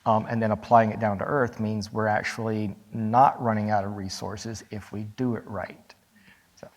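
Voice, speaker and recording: A man speaking on a conference panel, thoughtful and pausing often with "um". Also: on the low side, little pitch movement. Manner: thoughtful, with frequent "um" pauses. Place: large conference hall. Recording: long reverb of a large conference hall.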